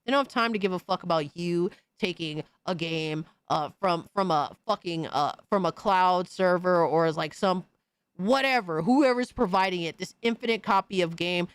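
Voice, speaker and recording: A man's voice: high-pitched, normal speed, a bit bright, clean tone, no echo. A man hosting a stream, ranting in a blunt, profane and mocking way full of slang. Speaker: streamer host. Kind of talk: casual profane rant.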